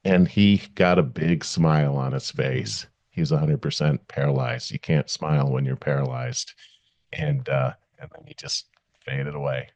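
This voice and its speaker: A man's voice: extremely low pitch, darkish tone, dry recording, highs cut off. A man co-hosting a podcast, telling an emotional personal story in casual conversation, with many restarts. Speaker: podcast co-host.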